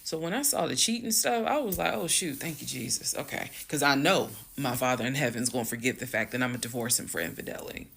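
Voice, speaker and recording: A woman telling her own story to viewers in a frank, chatty way, going calm and hushed when she retells a conversation. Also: a bass voice, fast talker, hardly any pauses. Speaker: storytime creator. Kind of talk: casual storytime monologue.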